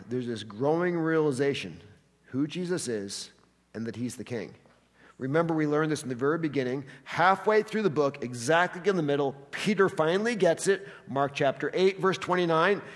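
A man preaching a sermon, acting out quotes with animated delivery in a church hall. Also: fairly high pitch, normal speed. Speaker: pastor. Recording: long hall reverb.

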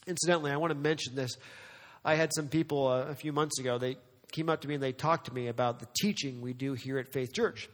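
A male pastor preaching a dramatic, emphatic sermon full of rhetorical questions, slowing down for weighty lines and speeding up for asides. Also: on the high side, steady tone, long reverb tail. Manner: swings between slow weighty phrasing and quick asides.

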